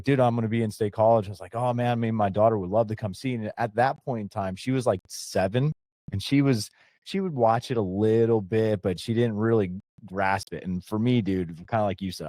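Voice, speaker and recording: A middle-aged man hosts a podcast in a relaxed, rambling way, circling back and restarting as he tells a story. His voice sits low and sounds warm and mellow. The recording is dry and close. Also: a little fast, dry recording. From Pennsylvania. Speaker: podcast host. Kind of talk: casual podcast chat.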